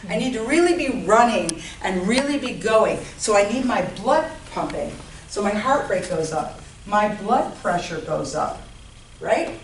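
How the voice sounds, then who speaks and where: In a roomy space picked up by a distant mic with faint noise, a woman health educator gives an informal lecture to a class. Her voice is mid-range with lively intonation and a measured pace, and she checks in with her listeners often.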